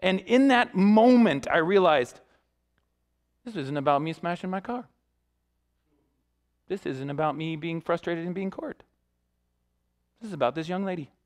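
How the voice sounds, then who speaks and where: A young male youth pastor preaching in a church, spinning a personal story with lively animation. His voice sits a little higher than most men's, and he slips into the voices of the people in his story as he goes. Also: unhurried, long pauses. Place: church sanctuary.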